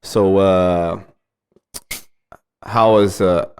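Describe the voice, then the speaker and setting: Animated laughing man telling stories. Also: low-pitched, drawn-out words, clear, resonant tone. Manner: animated storytelling, laughs often. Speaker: podcast co-host. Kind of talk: casual chat.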